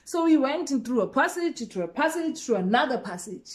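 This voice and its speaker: A young South African woman telling a storytime vlog in a lively way, acting out the exchanges as she goes. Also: high-pitched, a little fast, hardly any pauses. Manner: animated, code-switching storyteller who acts out each exchange. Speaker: YouTuber.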